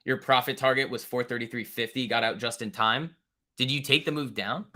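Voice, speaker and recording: Bright-voiced man doing casual trading commentary. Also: medium pitch, steady tone, fairly quick. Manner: loose, profane, bro-talk banter with chat, chuckling. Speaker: stock trading livestream host. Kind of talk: casual live market commentary.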